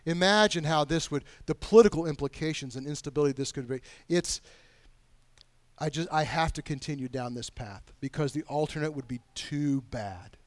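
A man preaching a sermon, pleading with his listeners and swinging between hushed, quiet stretches and loud, emphatic lines. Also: fairly high pitch, moderate pace, no echo. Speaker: pastor.

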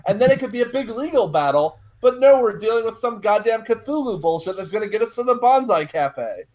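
A man with a notably high speaking voice co-hosts a casual movie watch-along. He makes dry, deadpan remarks. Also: fairly quick. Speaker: podcast co-host.

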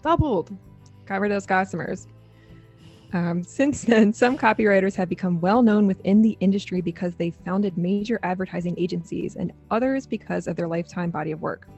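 A woman's voice: mid-range voice, a little fast, a little mellow, faint music behind. Chatty laughing woman podcaster. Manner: chatty, laughs often, reads quotes aloud dramatically. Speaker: podcast co-host. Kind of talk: casual chat.

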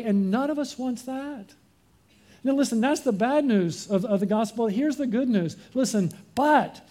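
High-voiced male pastor preaching. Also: dark tone. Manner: preaching with rhetorical questions. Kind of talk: sermon.

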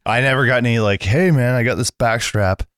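A man's voice: mid-range voice, a little fast, a bit bright, a little hiss or hum. A man co-hosting a podcast in casual chat, joking and swearing freely. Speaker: podcast co-host.

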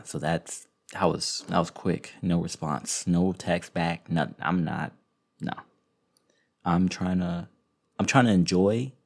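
A podcast host with a low, creaky, slightly rough voice and a darkish tone tells stories casually. He rambles and keeps interrupting himself, restarting often.

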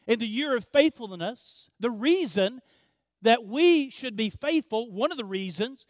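A man's voice: extremely high pitch, animated, takes it slowly, no room sound. A male pastor preaching a sermon, emphatic and repetitive, speaking directly to his congregation.

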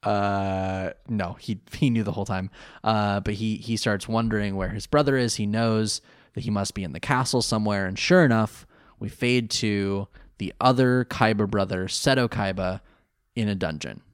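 A man co-hosting a casual podcast chat, recapping an anime episode with animated, laughing delivery. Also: on the low side, moderate pace, clear, resonant tone. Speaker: podcast co-host.

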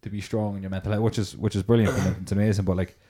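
A man's voice: on the low side, flat delivery, rapid-fire, warm tone, slightly rough. A young man in casual podcast chat, rambling with many fillers. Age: young adult. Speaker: podcast host.

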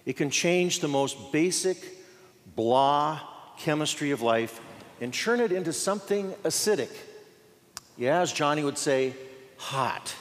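A pastor preaching a sermon in a folksy style, with playful asides and dramatic pauses. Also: male voice, fairly high pitch. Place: church sanctuary. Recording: long church reverb.

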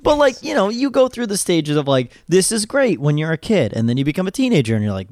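A man in his twenties co-hosting a podcast, chatting casually and telling jokey, animated stories. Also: sits high, quick pace, hardly any pauses, no echo, clean studio sound. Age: 20s. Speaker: podcast co-host. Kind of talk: casual chat.

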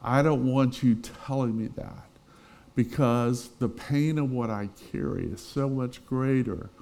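A man's voice: mid-range voice, warm tone. A middle-aged man preaching a sermon as a pastor, in a conversational, personal way with asides and stories.

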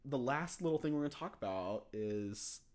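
Animated young man chatting casually. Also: mid-range voice, moderate pace. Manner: chatty and lively, with dry sarcastic asides. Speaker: podcast co-host. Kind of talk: casual chat.

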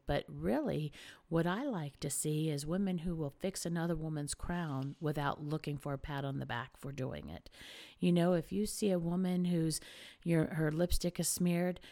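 A woman's voice: low voice, normal speed, dark tone. A middle-aged woman talking earnestly and conversationally about women supporting each other, with frequent fillers. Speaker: speaker encouraging women. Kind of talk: casual heartfelt talk.

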